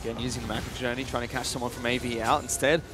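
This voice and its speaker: A man's voice: medium pitch, rapid-fire. Male play-by-play caster over music. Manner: rising excitement on kills. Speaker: esports commentator. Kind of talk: play-by-play commentary.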